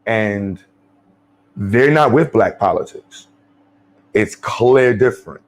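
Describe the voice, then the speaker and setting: A man's voice: on the low side, takes it slowly. A man hosting his channel, giving blunt, profane off-the-cuff commentary. He rambles with many fillers and restarts.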